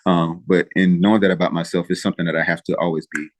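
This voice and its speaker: A man with a very low voice talks as an interview guest, recorded dry and close. He speaks with emotion and stops often to restart his sentences. He urges listeners on the way a preacher would. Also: little pitch movement, dry recording. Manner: emotional, halting, with frequent pauses and restarts. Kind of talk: earnest interview talk.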